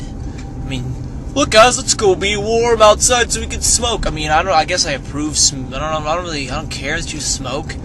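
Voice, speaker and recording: Excitable young man vlogging, lively pitch. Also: background noise. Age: young adult. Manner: excitable, chatty, jumps into squeals. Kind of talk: casual daily video blog. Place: at home, in a car and outdoors on campus.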